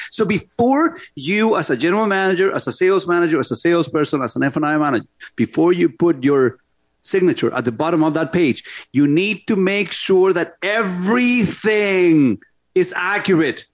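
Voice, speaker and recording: A man hosting a radio talk show, making points emphatically, drawing words out and repeating himself. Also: on the high side. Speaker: show host.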